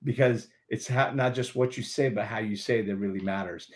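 A man's voice: lowish voice, normal speed. Earnest man giving motivational advice. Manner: earnest, emphatic, repeats affirmations. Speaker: guest. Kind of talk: motivational interview talk.

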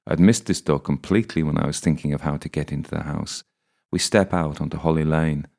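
A man's voice: very deep voice, fairly even intonation, a little fast, gravelly, a little mellow. A man narrating a first-person audiobook in a wry, dry manner.

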